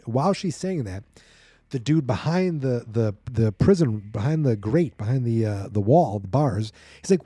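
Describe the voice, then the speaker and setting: A man casually recaps a comic book on his podcast, rambling and chatty. His voice is very dark and mellow with a husky edge. The recording is dry and close. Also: mid-range voice, animated, normal speed, no echo. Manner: rambling, chatty, acts out scenes. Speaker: podcast host.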